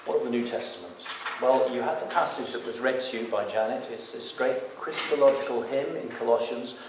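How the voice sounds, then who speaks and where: A man delivers a sermon at a middle pitch. When he reads scripture, his voice swells loud and emphatic. The sound is heavily echoey and picked up from a distance in a church, with a faint hiss behind it. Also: brisk. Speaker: preacher.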